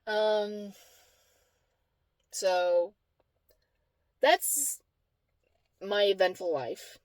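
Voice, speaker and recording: A woman's voice: mid-range voice, drawn-out words, dry recording. A woman vlogging to camera, telling a story in a blunt, profane, exasperated way. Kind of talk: casual storytelling vlog.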